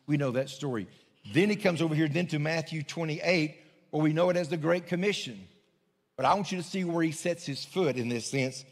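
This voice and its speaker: Pastor preaching in a reverberant church. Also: male voice, a little high, brisk. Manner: folksy, conversational preaching with restarts. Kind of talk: sermon. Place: church sanctuary.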